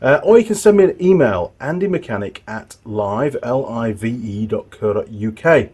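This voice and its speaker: A middle-aged mechanic explains a repair in a casual, chatty way. His voice has a slightly breathy, husky edge at a middle pitch. He rambles and restarts as he goes. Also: expressive, normal speed, a little mellow. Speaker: motorbike mechanic and channel host. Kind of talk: casual workshop tutorial.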